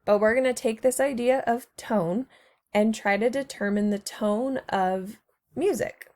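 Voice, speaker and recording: A woman's voice: a little high, a little slow, darkish tone. A woman teacher narrating a recorded slideshow lesson to her students, patient and encouraging, speaking to them directly.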